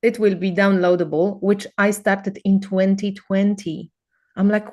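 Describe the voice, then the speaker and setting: A woman's voice: mid-range voice, level tone, measured pace, a little mellow. A woman chatting casually on a video call, teasing a friend, swearing freely and laughing often. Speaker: co-host.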